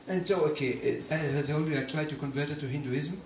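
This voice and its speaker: A man giving a personal testimony talk, animated storytelling with quoted dialogue, in a hall. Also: a little high, fast talker, few pauses, slight background noise. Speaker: guest speaker. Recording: roomy distant hall recording, faint ambience.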